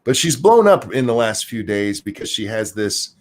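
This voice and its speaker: A man with a Southern US accent who co-hosts a podcast, ranting in casual chat, profane and quick to restart his sentences. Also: on the low side. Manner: animated, profane, repeats words when starting sentences. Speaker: podcast co-host.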